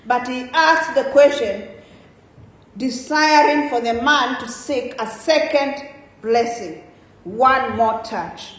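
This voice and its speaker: A woman preaching a sermon in a church, asking rhetorical questions with emphatic rises and soft trailing endings. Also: sits high. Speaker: guest preacher. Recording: very echoey church hall.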